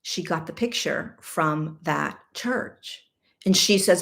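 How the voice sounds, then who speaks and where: Woman host, middle-aged, animated and candid storytelling, chatty asides. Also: low-pitched, takes it slowly, creaky. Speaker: podcast host. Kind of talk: personal storytelling.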